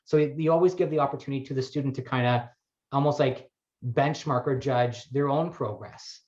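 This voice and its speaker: A man's voice: mid-range voice, fairly quick, darkish tone. Thoughtful man on a muffled call. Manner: thoughtful, searching for words. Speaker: wellness coach guest. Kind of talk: conversational interview. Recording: muffled lo-fi audio.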